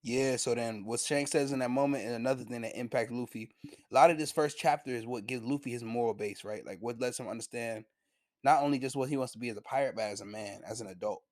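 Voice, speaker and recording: A man's voice: medium pitch, quick pace, dry recording. A young man chats through an anime review in loose, profane slang, laughing as he goes. His voice sits in an ordinary middle range. The recording is close and dry, with no room sound. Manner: animated, slangy, profane retelling; laughs often. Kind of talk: casual review vlog.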